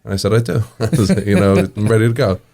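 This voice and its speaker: A man's voice: fairly low pitch, fast, warm tone. A man, a restaurant owner telling casual stories in an interview, acting out the dialogue and chuckling often. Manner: acts out quoted dialogue in anecdotes, chuckles often.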